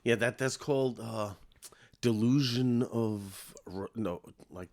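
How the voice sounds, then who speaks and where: A man co-hosting a podcast in relaxed chat, cracking quick jokes. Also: medium pitch, gravelly. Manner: joking, relaxed, quick wisecracks. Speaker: podcast co-host. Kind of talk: casual chat.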